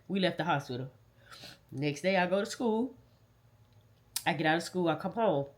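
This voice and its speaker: A woman's voice: lowish voice, expressive, normal speed. A woman telling an emotional personal story in casual, repetitive, dialect-rich speech. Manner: conversational, repetitive, dialect grammar. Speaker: vlogger.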